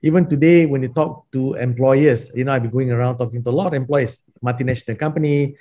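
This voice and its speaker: Male professor panelist, reflective and conversational, mid-pitched voice. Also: steady tone, fast talker, mellow. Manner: reflective, conversational with "you know" and "right". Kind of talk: webinar panel answer.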